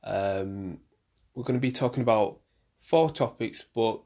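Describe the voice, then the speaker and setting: A man's voice: lowish voice, a little slow, a little mellow. A young man from the UK hosting his own podcast, chatting casually in a loose, rambling way with lots of fillers and restarts. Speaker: podcast host. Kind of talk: casual solo podcast chat. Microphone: camera and mic for a video podcast.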